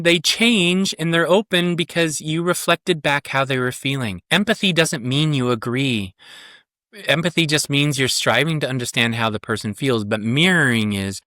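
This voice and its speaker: Bright-voiced, earnest male therapist. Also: medium pitch, normal speed, dry recording, studio quality. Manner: earnest, emphatic, repeats key points. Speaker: psychotherapist and parenting coach, guest. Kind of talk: podcast interview.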